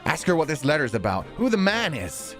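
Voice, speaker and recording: A man's voice: on the high side, sing-song, a little fast, fairly bright tone, faint music behind. A man voicing a jealous, frantic nobleman, reading visual novel lines in an agitated, rising voice. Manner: agitated, pleading, raised voice. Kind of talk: visual novel dialogue read aloud.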